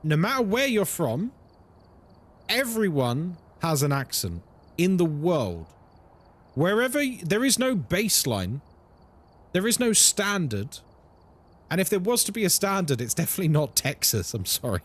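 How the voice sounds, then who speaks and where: A male live streamer talking casually with his chat. His voice sits fairly high and swings widely in pitch. He curses freely and drops into mock voices mid-sentence. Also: very animated, normal speed, pauses often.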